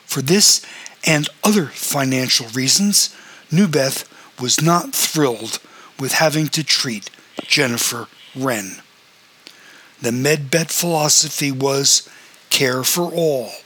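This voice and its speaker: A man reading a story aloud as the narrator, in a steady, even manner. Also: medium pitch, slow pace, breathy edge, poor audio. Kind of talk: audiobook narration.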